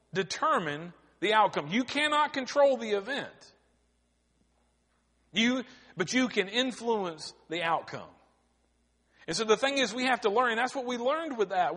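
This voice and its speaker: A male pastor preaching a sermon, with dramatic pauses, building to emphatic cries. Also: high voice, expressive, a bit bright. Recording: long hall reverb.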